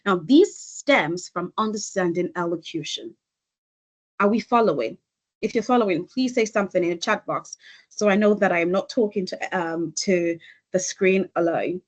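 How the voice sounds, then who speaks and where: A woman elocution coach giving an online presentation over a video call, speaking deliberately and with emphasis. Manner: deliberate, emphatic, with lively pitch shifts.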